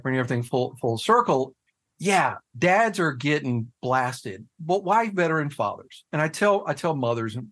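A man talking casually on a podcast, telling a personal story with lots of swearing and sudden jumps into shouted disbelief. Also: mid-range voice. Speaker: guest, head of a fathers' nonprofit.

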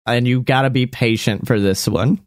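A man's voice: medium pitch, moderate pace, slight background noise. A man narrating as game master in a casual, rambling way, often laughing.

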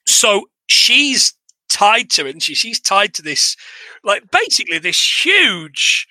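A high, very bright English man talks through a movie's plot in casual podcast chat. He is lively and chatty, laughing as he goes, and his voice sits close and dry on the mic. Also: slow, dry recording, poor audio. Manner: chatty, animated retelling with laughs and swearing. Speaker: podcast co-host. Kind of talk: casual film recap chat.

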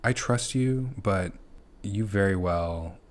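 A young man co-hosting a podcast in casual chat with his wife, talking in an even, low-key way. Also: slow pace. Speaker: podcast co-host.

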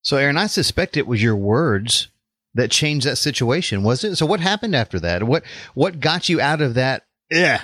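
A man's voice: mid-range voice, big pitch swings, normal speed, a bit bright, no room sound. A man hosting an interview, giving short encouraging replies and reflective questions. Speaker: interview host.

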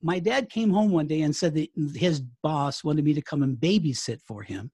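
A chatty American man in his fifties tells stories in a relaxed interview. His voice is gravelly and a little husky, and the sound is close and dry. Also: on the high side, moderate pace, no room sound. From United States. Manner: storytelling, chatty, with laughs and restarts. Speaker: interview guest, writer and former radio broadcaster. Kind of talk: casual interview chat.

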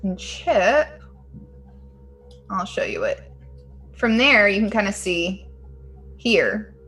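A woman running a tabletop game as game master, calmly describing scenes. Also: mid-range voice, slow, breathy edge, low-quality recording. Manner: calm, descriptive.

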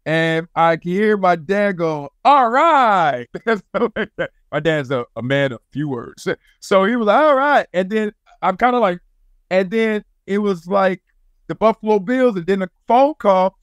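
A man's voice: sits high, normal speed, clear, resonant tone, dry recording. A man in his forties with a Southern California accent, a former pro football player telling stories in a casual interview, laughing and acting out quotes. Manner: animated, laughing storyteller who acts out quotes. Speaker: podcast guest, former NFL player and sports broadcaster.

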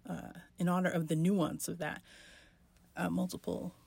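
A woman hosting a podcast, talking through her thoughts in a reflective solo monologue with many pauses and restarts. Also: lowish voice, little pitch movement, gravelly, a little mellow, husky, dry recording. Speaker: podcast host.

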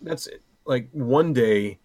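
A man's voice: mid-range voice, expressive, slow pace, a little mellow, no echo. A middle-aged man in a casual podcast chat, joking around and rambling with a playful manner. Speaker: podcast co-host.

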